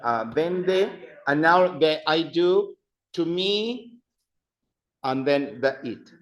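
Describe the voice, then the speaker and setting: Slow, patient man teaching Spanish. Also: a little high, animated, low-quality recording. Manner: patient, repeats words slowly for practice. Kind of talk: adult evening class teaching.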